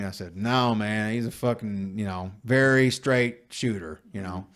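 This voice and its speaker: A man's voice: medium pitch, moderate pace, hardly any pauses. A man, telling a long story on a casual podcast, swearing freely and acting out the other people in it. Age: 40s. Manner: profane, animated storyteller. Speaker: podcast host.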